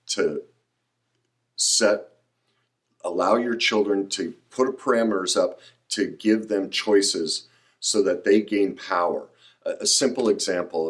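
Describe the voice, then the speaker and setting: Passionate, emphatic male podcast host. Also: deep voice. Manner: emphatic, preachy, rising to excited outbursts. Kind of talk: passionate solo podcast monologue.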